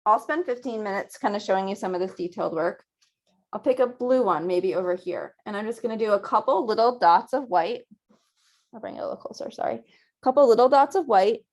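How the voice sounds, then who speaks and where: A woman teaching a virtual painting class, guiding students gently step by step at a close mic. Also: fairly high pitch. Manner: gentle, encouraging step-by-step guidance. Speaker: painting instructor.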